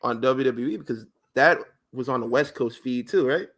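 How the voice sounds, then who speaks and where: A man's voice: medium pitch, normal speed, a bit bright. A man co-hosting a podcast, telling stories in loose, profane casual chat and acting out what people said. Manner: loose, profane storytelling with acted quotes. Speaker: podcast co-host.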